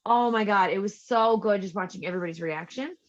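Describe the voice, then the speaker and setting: A woman co-hosting a podcast, chatting casually and excitedly about a reality show, swearing freely and acting out what others said. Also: mid-range voice, fast, dull audio. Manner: animated, swears freely, acts out quotes. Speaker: podcast co-host.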